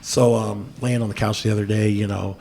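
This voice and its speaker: Guy with a gravelly voice rambling through a crazy story, swears a lot, says yo every other line, faint hiss behind. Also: lowish voice, a little fast. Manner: profane, animated storyteller, says "yo" constantly. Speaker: podcast host. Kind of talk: casual storytelling chat.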